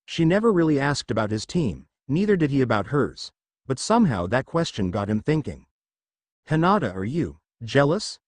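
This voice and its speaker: A man reading a fan fiction story aloud as its narrator, with animated storytelling. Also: medium pitch, brisk, dry recording.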